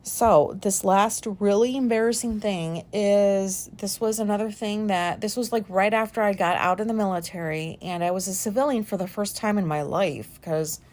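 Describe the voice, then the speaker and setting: A woman in her forties, hosting a podcast and talking through an embarrassing memory in a candid, rambling way, self-conscious and quick to swear. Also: medium pitch, darkish tone. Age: 40s. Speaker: podcast host. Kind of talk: candid personal monologue.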